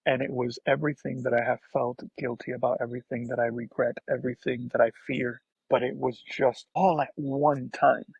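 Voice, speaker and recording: A man, a podcast guest, telling an emotional personal story in a soft-spoken, halting way, often restarting his sentences. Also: medium pitch, flat delivery, gravelly, breathy edge, no room sound, muffled recording.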